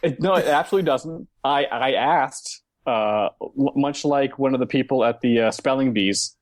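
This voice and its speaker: A man's voice: mid-range voice, normal speed. A man from Northern Virginia co-hosting a comedy podcast, telling a rambling story in casual chat. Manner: rambling, self-interrupting storyteller. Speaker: podcast co-host.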